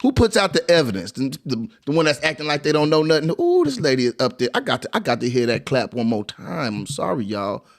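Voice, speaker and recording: A man reacting to press conference footage in animated commentary, exclaiming and laughing as he talks. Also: fairly high pitch, fast, gravelly, hardly any pauses. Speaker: commentary video host.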